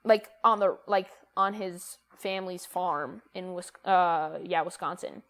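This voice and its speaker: A woman's voice: on the low side, unhurried, a bit bright. Young woman rambling on a podcast, lots of um and like. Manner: rambling, many fillers and restarts. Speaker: podcast co-host. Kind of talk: casual chat.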